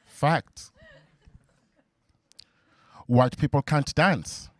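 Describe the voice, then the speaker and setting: Stand-up comic man, halting delivery. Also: a little high, a little hiss or hum. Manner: halting, with many fillers and restarts. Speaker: stand-up comedian. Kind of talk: stand-up comedy set. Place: comedy venue before a laughing crowd.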